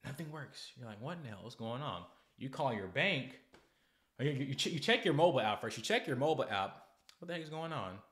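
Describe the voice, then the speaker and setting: A young American man hosting political commentary, ranting in a sarcastic, heated way with loud bursts and halting restarts. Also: medium pitch, big pitch swings, roomy sound. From United States. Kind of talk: casual commentary, ranting to camera.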